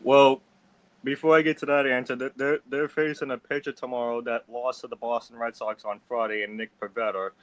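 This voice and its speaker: Blunt halting man talking baseball. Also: mid-range voice, level tone, a bit bright, dry recording. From Massachusetts. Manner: halting, repeats words, blunt predictions. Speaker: guest panelist. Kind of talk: casual sports talk stream.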